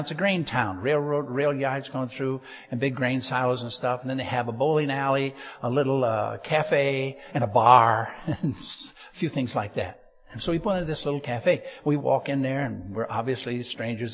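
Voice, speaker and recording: A man preaching a humorous storytelling sermon, getting loud and excited and throwing jokey asides to a live audience in church. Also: mid-range voice, breathy edge. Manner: animated, gets loud and excited telling the story.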